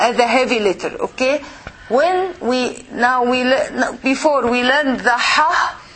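Patient higher-voiced woman teaching. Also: a bit bright, slight background noise, low-quality recording. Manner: patient, repeats and models sounds slowly. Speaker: Arabic teacher. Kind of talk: classroom lesson. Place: mosque.

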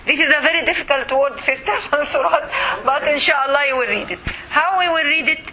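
A woman teaching a Quran reading class, patiently sounding out words slowly, syllable by syllable. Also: high-pitched, crowd noise, low-quality recording. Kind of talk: classroom recitation lesson.

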